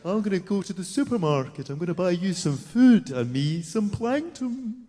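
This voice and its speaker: A woman's voice: lowish voice, lively intonation, moderate pace, background noise, lightly acted. A man putting on his posh, fussing Scottish mother with a breezy, caring tone, on a theatre stage with long reverb.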